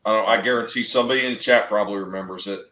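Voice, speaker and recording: A man's voice: lowish voice, steady tone, racing, bright, forceful tone. A man hosting a podcast, talking bluntly and profanely, reading out chat comments. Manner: blunt, profane, laughs often. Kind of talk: casual chat. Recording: roomy echo.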